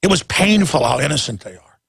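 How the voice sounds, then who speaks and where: A man's voice: fairly high pitch, very animated, a little fast, vocal fry, a bit bright, slightly rough, no echo. A man in his forties hosting a talk radio show, speaking intensely and emphatically and stumbling over repeated words when worked up. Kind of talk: impassioned talk radio monologue.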